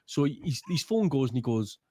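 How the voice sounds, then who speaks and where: A man with a Geordie accent, a stand-up comedian chatting as a podcast guest and telling stories with sweary, dark humour. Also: medium pitch, big pitch swings, a little fast, no echo. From North East England. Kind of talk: casual podcast chat.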